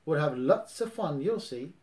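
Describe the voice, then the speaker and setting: A man voicing a loud, exuberant, bouncy tiger in a storybook reading. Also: fairly high pitch, expressive, a little slow. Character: boisterous bouncy male tiger.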